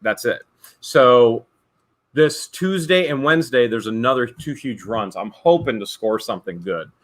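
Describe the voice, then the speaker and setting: A man co-hosting a casual chat show, joking and telling stories with animated energy. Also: mid-range voice, measured pace. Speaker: co-host.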